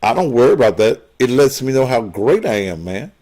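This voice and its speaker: A man's voice: mid-range voice, big pitch swings, a little fast, background noise. Combative, profane preacher man. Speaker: pastor and call-in show host. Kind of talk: call-in show talk.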